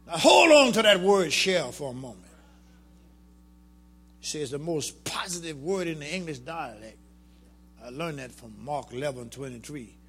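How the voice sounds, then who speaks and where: A man preaching a sermon to his congregation, calling out to the crowd and building to shouts. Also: fairly high pitch, sing-song, normal speed, pauses often, husky, faint music behind. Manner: colloquial, drops into vernacular.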